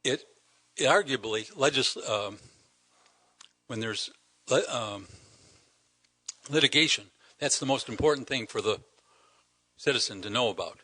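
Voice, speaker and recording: A man's voice: medium pitch, unhurried, pauses often, pushed and bright. An older man giving an indignant public comment to a town council, firing rhetorical questions with emphatic stresses. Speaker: citizen delegate at council meeting.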